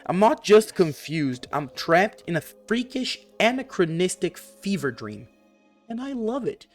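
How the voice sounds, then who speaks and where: A man giving casual, excitable reaction commentary on a video game, swearing often and reading his own notes aloud. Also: high-pitched, unhurried, faint music behind. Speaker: gaming vlogger.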